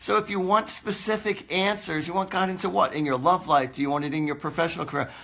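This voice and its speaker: A man's voice: sits high, fairly even intonation, fast, creaky, a bit bright. A man, a psychic host chatting casually on a live stream, rambling and laughing often.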